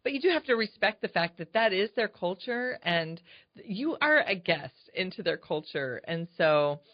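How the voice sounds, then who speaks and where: An older woman co-hosting a casual chat show, talking in a chatty, animated way. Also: fairly low pitch, moderate pace, no room sound. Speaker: co-host. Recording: dry, dull lo-fi sound.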